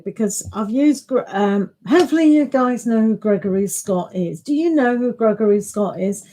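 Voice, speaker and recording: A woman's voice: medium pitch, animated, normal speed, hardly any pauses, mellow, low-quality recording. A woman giving a casual tarot reading on a live stream, chatty and thinking aloud, laughing often.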